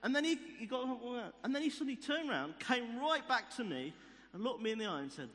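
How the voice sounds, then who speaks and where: A man's voice: very high voice, very animated, a little fast, bright, forceful tone. A man preaching a sermon, telling stories and repeating key phrases for emphasis. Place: church hall. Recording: long reverb of a church hall.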